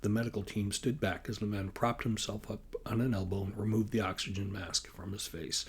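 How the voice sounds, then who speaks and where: A man, the author, reading his science fiction novel aloud as audiobook narration, in a measured, even way. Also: lowish voice, breathy edge.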